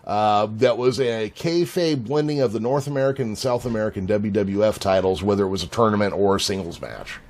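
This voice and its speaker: A man co-hosting a podcast, a lively storyteller who swears freely. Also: on the low side, brisk, hardly any pauses. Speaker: podcast co-host. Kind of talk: casual chat.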